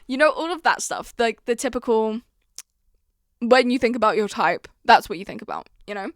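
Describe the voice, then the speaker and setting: A young woman hosts her own podcast in a loose, confiding chat, dramatizing her stories as she tells them. Her voice sits a little high. The sound is dry and close, with no room around it. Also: expressive, moderate pace, a bit bright, dry recording. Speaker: podcast host. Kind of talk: casual chat.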